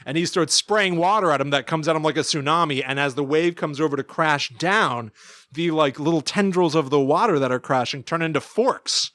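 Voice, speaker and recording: Animated man in his thirties, dry sound. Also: fairly high pitch, fairly quick, dry recording. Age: 30s. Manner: animated storytelling, acting out lines with laughs. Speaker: podcast co-host. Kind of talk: casual chat.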